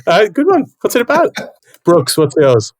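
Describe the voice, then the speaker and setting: A man's voice: very high voice, sing-song, moderate pace. Jokey self-deprecating man. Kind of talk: casual podcast chat.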